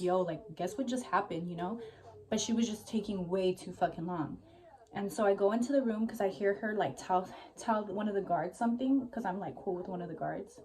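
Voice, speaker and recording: A young woman vlogger tells a rambling, casual story, leaning heavily on "like," swearing freely and sounding a little out of breath. Her voice is medium-pitched with a darkish tone.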